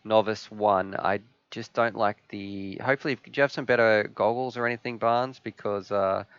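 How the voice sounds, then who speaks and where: Male stream host, low-pitched, enthusiastic, casual Q&A patter, dull and dry lo-fi audio. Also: steady tone, moderate pace, fairly bright tone, clean tone, no room sound. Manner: enthusiastic, chatty, reads viewer questions aloud.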